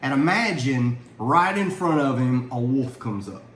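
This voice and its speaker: A man's voice: medium pitch, expressive, unhurried, a bit bright, slight background noise. A middle-aged man leading a family Bible lesson, earnest and conversational, asking questions as he teaches. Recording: echoey room, faint ambience.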